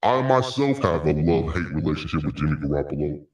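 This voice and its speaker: Deep-voiced man recapping football, echoey room. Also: expressive, fast talker, darkish tone, distant mic. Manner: rambling, repeats words, frequent sighs and laughs. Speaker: sports podcast host. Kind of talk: casual solo sports recap.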